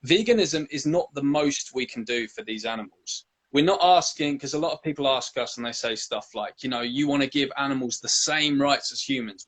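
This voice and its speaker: A man's voice: medium pitch, poor audio. Impassioned man giving a rallying speech. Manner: forceful, declamatory, repeats phrases. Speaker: vegan activist guest. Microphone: live video call.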